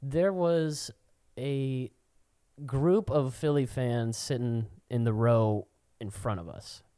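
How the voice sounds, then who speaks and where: Brief: male podcast co-host, middle pitch, foul-mouthed rant, dry close sound. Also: takes it slowly, warm tone, smooth, dry recording. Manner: profane, ranting storyteller. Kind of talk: casual podcast chat.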